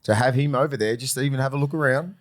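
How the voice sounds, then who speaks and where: A man's voice: mid-range voice, racing. A man chatting casually as a podcast co-host, rambling and laid-back, swearing now and then. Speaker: podcast co-host, former player. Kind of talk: casual chat.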